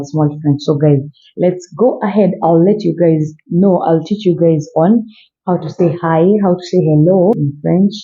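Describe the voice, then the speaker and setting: Dark-voiced man teaching basics. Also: sits high. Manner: friendly, repetitive, addresses viewers as guys. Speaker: language vlogger teaching French. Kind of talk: casual teaching vlog. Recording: dull lo-fi audio.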